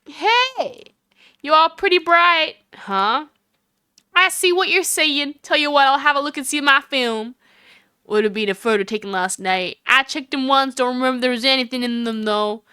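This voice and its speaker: A woman's voice: high voice, expressive, normal speed, bright, forceful tone, no room sound, clean studio sound. A woman putting on a hammy southern camera lady. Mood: excited. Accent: put-on southern US. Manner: exaggerated drawl, hammy.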